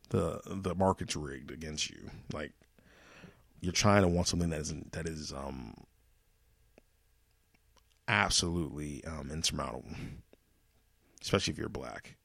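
A man's voice: extremely low pitch, a little slow, gravelly, pauses often, a bit bright, slightly rough, no echo, studio quality. A man hosting his own podcast, ranting alone in a profane, exasperated way with many restarts. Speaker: podcast host. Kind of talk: solo ranting monologue.

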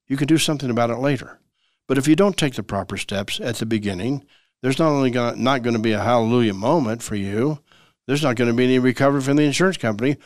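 A man hosts a legal advice show as a practicing lawyer, talking plainly and hammering his points home through repetition. His voice sits at a middling pitch. The recording is dry, with no room sound. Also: no echo. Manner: emphatic and repetitive, acts out everyday dialogues. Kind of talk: conversational legal advice talk.

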